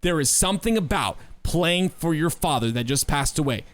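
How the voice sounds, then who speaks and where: A man's voice: a little high, moderate pace. Assertive male podcast co-host. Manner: animated and assertive, with folksy sayings and repeated emphasis. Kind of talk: casual podcast discussion.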